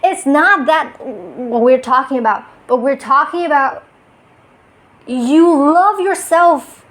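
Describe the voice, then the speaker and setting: This spiritual vlogger's voice is high, animated, and a bit bright, and she takes her time. Sitting on her bed with a non-native English accent, she offers a reflective self-help monologue to her phone, often starting again and laughing at herself.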